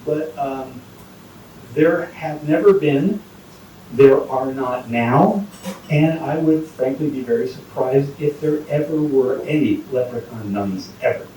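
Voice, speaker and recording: A man's voice: medium pitch, slow, dark tone, a little hiss or hum, lightly acted. A man voicing a patient, authoritative female Mother Superior, hesitant and apologetic but emphatic. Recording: distant, echoey phone recording.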